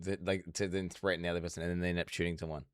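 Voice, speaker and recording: A man's voice: low-pitched, flat delivery, rapid-fire, smooth, no room sound, studio quality. A man streaming as he reacts to a video, talking bluntly and profanely in casual commentary.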